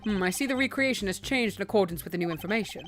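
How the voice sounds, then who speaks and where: A woman voicing a refined male prosecutor in a game, speaking in a measured, lowered and precise way. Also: lightly acted. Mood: composed. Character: stiff, formal male prosecutor, cool and refined.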